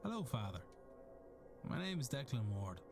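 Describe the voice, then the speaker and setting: A polite, curious detective in a video game. His mid-range voice moves lively up and down as he asks courteous questions. Game music sits clearly behind him. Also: mid-range voice, moderate pace. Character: adult male detective, polite and inquisitive. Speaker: game character.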